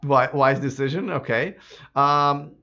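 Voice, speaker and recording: A man hosting a live electric car stream, answering viewer comments in a casual, chatty way, slightly hoarse. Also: medium pitch, takes it slowly, bright, forceful tone, lo-fi sound. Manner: casual and chatty, many fillers and restarts. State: slightly hoarse, losing his voice.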